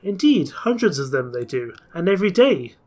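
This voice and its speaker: A man voicing a jovial male exhibitor with a hearty, booming manner. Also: sing-song, normal speed, darkish tone.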